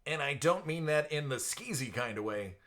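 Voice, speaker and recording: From home, a man hosts a relaxed live stream for card breaks, chatting with viewers by name and laughing often. His voice is a little high, animated, and fairly bright, at a normal speed.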